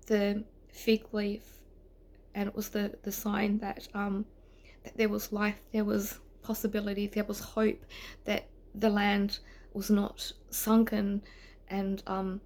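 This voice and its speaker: A woman's voice: medium pitch, darkish tone. A woman giving a tarot reading, delivering a rambling, emotional spirit message, close to tears and often slipping into whispers. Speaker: tarot reader. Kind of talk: spoken channeled message.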